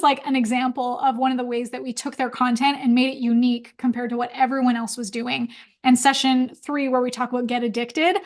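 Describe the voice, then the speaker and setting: A woman hosting a live online workshop, chatting upbeat while answering questions from the comments. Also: high voice. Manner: chatty, upbeat, quotes clients in voices. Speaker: webinar host. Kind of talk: live Q&A webinar.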